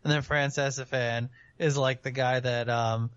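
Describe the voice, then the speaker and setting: A man talking sports in a loose, heated rant, swearing freely and laughing between points. His voice sits at an average pitch. It is recorded dry and a little dull. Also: a little slow, clear, resonant tone, no room sound. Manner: animated, profane, ranting. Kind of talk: casual sports chat.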